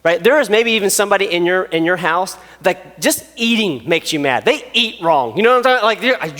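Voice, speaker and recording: High-voiced joking male pastor in a hall. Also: expressive, fast talker, few pauses, a bit bright. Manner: chatty, joking, full of fillers and asides. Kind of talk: casual youth sermon.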